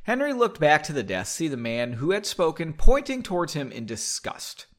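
A man's voice: a little high, huge pitch swings, moderate pace. A man reading a story aloud casually, breaking off into playful, self-mocking asides. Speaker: story reader.

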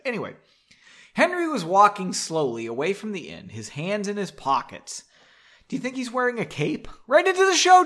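A man's voice: on the high side, a bit bright. A man hosting a comedy show, reading a melodramatic story aloud and breaking off for sarcastic asides, recorded in a basement studio. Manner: sarcastic, mocking asides, drinking while reading.

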